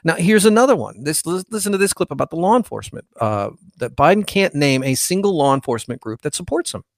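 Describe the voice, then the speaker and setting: A man's voice: on the high side, very animated, fast, dry recording, studio quality. A male podcast host giving frustrated, rambling political commentary.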